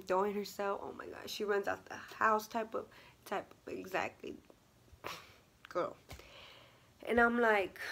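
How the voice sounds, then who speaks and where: A woman's voice: medium pitch, fairly even intonation, normal speed, a bit bright. Chatty young woman telling a story. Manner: chatty, many fillers and laughs, acts out quotes. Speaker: vlogger. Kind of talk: casual storytime vlog.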